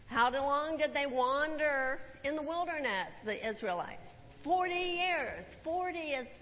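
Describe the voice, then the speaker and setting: Slow, high-voiced woman preacher. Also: a little hiss or hum. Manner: storytelling with rhetorical questions to the congregation. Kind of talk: sermon. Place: church sanctuary. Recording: dull, echoey church recording.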